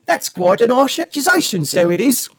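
A man's voice: very high voice, very animated, normal speed, fairly bright tone, slight background noise, voice pushed up, full character voice. A man putting on a West Country accent to play a cheeky male Mary Poppins, tagging his sentences with "so it is". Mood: mock-genteel. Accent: put-on West Country. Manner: tags sentences with "so it is".

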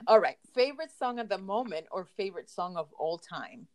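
A woman's voice: mid-range voice, very animated, a little fast, a crowd in the background. A woman with a foreign accent hosting a casual podcast chat, upbeat and giggly, often trailing off mid-sentence. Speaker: podcast host.

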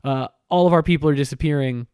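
A man's voice: on the high side, quick pace, darkish tone, clean tone, no room sound, clean studio sound, lightly acted. A man paraphrasing an earnest young monk fighter. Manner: casual slangy paraphrase in his own voice.

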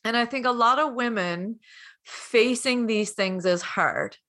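A woman's voice: on the high side, a little slow. A woman who coaches and hosts, speaking emotionally and encouragingly to a guest, near tears at times. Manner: warm, encouraging, tearful at times. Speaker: coach and host. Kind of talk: emotional conversation.

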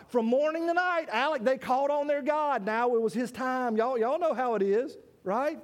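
A male preacher with a strikingly high voice delivers a lively sermon. He talks straight to his congregation, calling people by name and tripping over repeated words as he pushes ahead. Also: moderate pace, hardly any pauses. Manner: animated, speaks directly to listeners by name, stammers on restarts.

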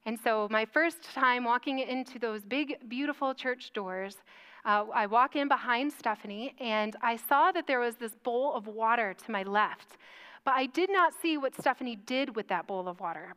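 High-voiced woman telling a funny church story. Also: smooth. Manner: animated, self-mocking storytelling with acted quotes. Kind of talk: storytelling sermon.

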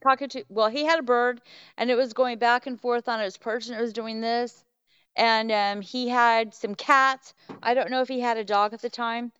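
A woman tells a story in lively, casual fashion, slipping into the voices of the people she quotes. Her voice sits a bit high and sounds very smooth and clean. The recording is dry and somewhat dull. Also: normal speed, no echo. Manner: animated, acts out quoted voices. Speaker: podcast guest, Bigfoot researcher.

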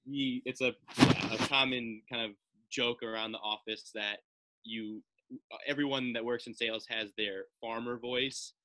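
A man hosts a casual talk in an agreeable, halting way, restarting his sentences as he goes. His voice is very bright and sharp at a mid pitch. The recording is dry and close. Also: steady tone, no room sound, low-quality recording. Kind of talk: casual conversation.

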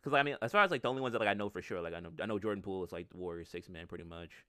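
Deep-voiced man in loose sports chat. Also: lively intonation, very fast, a bit bright, no echo, clean studio sound. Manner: loose, rambling, laughs often. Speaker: podcast co-host.

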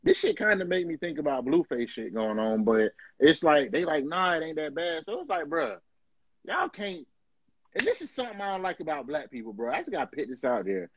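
Animated husky man, casual podcast. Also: fairly high pitch, fairly quick, no echo. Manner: animated, slangy, emphatic. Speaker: podcast co-host. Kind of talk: casual chat. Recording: dull dry lo-fi recording.

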